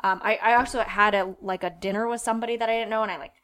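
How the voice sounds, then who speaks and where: A woman's voice: mid-range voice, steady tone, rapid-fire, a bit bright. A woman hosting a podcast, chatting casually and laughing often at herself. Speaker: podcast host. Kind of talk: casual chat.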